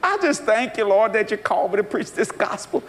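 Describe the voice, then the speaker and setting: A man's voice: high voice, a little fast. A man preaching a sermon, telling a story and laughing as he goes. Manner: animated, laughs through his story.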